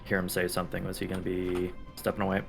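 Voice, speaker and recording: Guy dm with a gravelly low voice, slow halting narration, faint music behind. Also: completely flat delivery. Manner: laid-back, halting narration with many pauses. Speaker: dungeon master. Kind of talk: narrating a tabletop game.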